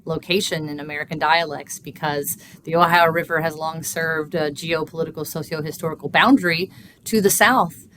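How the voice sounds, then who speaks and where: A woman researcher explaining language in an interview, measured and teacherly, with frequent fillers. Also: low-pitched, a bit bright, slight background noise. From Kentucky. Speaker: linguistics researcher guest.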